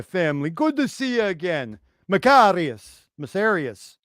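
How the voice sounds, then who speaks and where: Profane, high-voiced man ranting on a livestream. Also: unhurried, dry recording, clean studio sound. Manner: profane, animated, acts out mocking quoted voices. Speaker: podcast host. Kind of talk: casual livestream rant.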